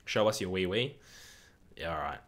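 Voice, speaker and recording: A young man from the UK hosting a football watch-along stream, chatting casually, reading chat aloud, swearing and getting excitable. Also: low voice, normal speed.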